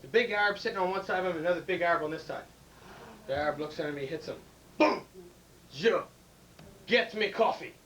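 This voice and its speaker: A man hosting an informal comedy night, telling a joke in a loose, halting way with fillers. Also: on the high side, fairly bright tone. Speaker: host inviting joke tellers. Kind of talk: casual stand-up joke telling. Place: live informal comedy gathering. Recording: distant mic, faint background noise.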